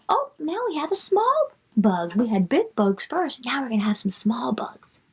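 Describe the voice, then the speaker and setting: A woman's voice: high-pitched, very animated, normal speed, slightly rough. A woman reading a picture book aloud to young children, stretching out the words she reads and coaxing the child with questions.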